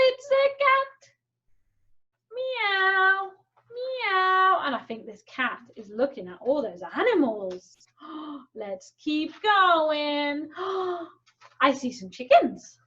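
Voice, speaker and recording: High, slow, playful woman teacher. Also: muffled recording. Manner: animated, playful, makes animal sounds. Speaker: sign language teacher. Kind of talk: children's lesson.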